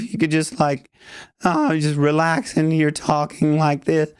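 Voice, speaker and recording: A man coaching singing in a casual lesson, breaking into loud, throaty sung and shouted demonstrations between explanations. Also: on the high side, measured pace, smooth, no echo, studio quality. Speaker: vocal coach.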